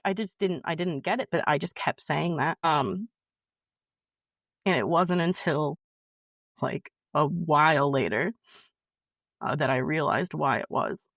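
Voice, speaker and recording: A woman's voice: low voice, vocal fry, no echo, studio quality. A woman, a podcast guest, telling a personal story in an earnest, emotional way that halts and restarts often.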